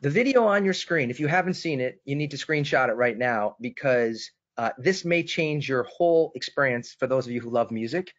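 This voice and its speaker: A man's voice: medium pitch, animated, normal speed, hardly any pauses. A man from Boston presenting a sales webinar, telling a story with enthusiasm and turning to his co-host by name. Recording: dull lo-fi webinar audio.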